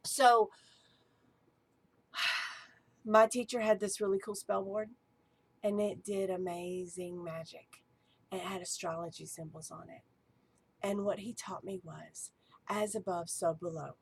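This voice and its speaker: Woman, archpriestess type, eager and chatty in a casual teaching talk, mid-range pitch. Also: fairly even intonation, slow pace, creaky, pauses often, husky. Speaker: archpriestess and ritual director.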